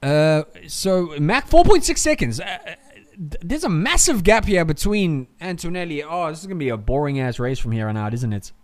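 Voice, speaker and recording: A man with a fairly high, smooth, clear voice streams live reaction commentary over a motor race. He rants in heated, profane bursts, then sinks into grumbling asides to his viewers. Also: very animated, normal speed. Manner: heated, profane ranting that swings to muttering.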